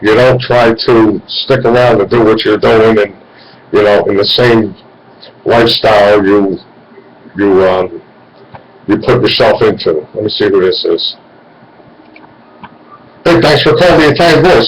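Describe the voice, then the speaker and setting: A man's voice: fairly low pitch, measured pace, long pauses, a little hiss or hum, rough recording. A man in his forties hosting a radio call-in show, talking in a rambling, meandering way. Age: 40s. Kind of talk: casual call-in talk.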